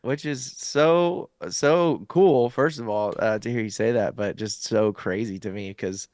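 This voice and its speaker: A young man, a guest musician, talks at a measured pace in a voice on the low side, with no echo. He's relaxed in this casual interview chat, explaining things in detail and leaning on many fillers.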